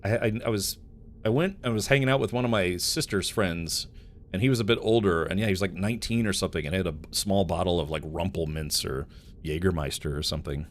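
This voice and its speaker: A man with a low voice talks fast over a faint hiss or hum while streaming a game live. He chats casually with his viewers and tells rambling stories, laughing often.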